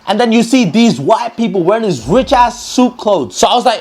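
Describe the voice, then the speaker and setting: High-voiced young man telling a story. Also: brisk. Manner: animated, exclaiming, slangy. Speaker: vlogger. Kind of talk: comic storytelling.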